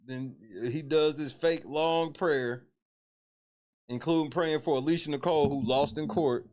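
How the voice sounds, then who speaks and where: A man with a high voice hosts a livestream and talks in a loose commentary style. He mocks, repeats himself and laughs between lines. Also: steady tone, unhurried, darkish tone. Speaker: show host.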